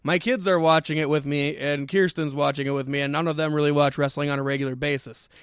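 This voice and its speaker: A man's voice: on the high side, fairly even intonation, fast talker, clean tone, dry recording, studio quality. A man co-hosting a podcast, talking bluntly and casually and swearing freely. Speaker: podcast co-host. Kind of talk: casual chat.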